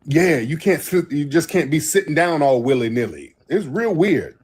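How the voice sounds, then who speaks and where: A man from the United States hosting a casual livestream while travelling abroad, telling rambling, animated stories and swearing often. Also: fairly high pitch, normal speed, few pauses, slightly rough. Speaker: host.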